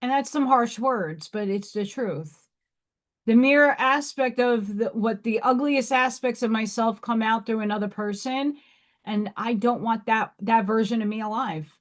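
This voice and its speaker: A woman's voice: a little high, measured pace. A woman from New York hosting a casual livestream, talking frankly and emphatically to her viewers. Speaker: livestream host.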